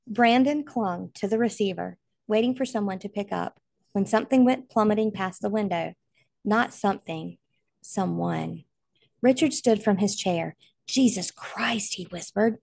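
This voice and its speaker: A woman's voice: mid-range voice, normal speed, creaky, a little mellow, dry recording. A woman narrating a novel aloud in an earnest, emotional way. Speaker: audiobook reader.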